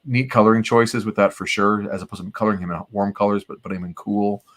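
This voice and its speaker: Talking fast in a fairly low voice with little pitch movement, this comic book podcast co-host casually recaps the plot. Now and then he voices characters' lines in playful bursts as he reads along.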